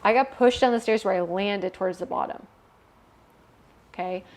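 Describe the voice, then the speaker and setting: In a personal storytelling interview, a candid young woman tells her story in a medium-pitched voice at normal speed. As the guest, she is emotional and swears freely.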